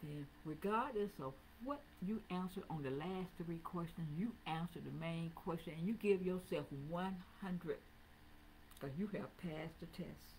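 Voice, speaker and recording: A woman pastor preaching a sermon in a church, rising into sing-song repeated calls and dropping low to talk plainly with the congregation. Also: unhurried, darkish tone, a little hiss or hum, low-quality recording. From Southern United States. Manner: preaching with swelling, sing-song emphasis and repetition. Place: church sanctuary, also streamed online.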